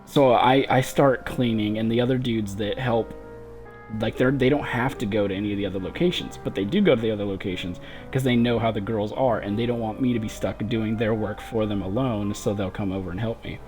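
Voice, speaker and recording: A man's voice: on the low side, brisk, a little mellow, soft background music. A man livestreaming a game, telling a long profane story in a frustrated casual rant and laughing through it. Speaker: gaming livestreamer.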